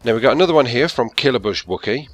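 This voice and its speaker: A man's voice: mid-range voice, expressive, fast talker. A man with a Birmingham accent, chatting candidly and rambling through a casual Q&A as a gaming channel host. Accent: Birmingham (Brummie). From England. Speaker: YouTube gaming commentator. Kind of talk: casual Q&A chat. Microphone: gaming headset.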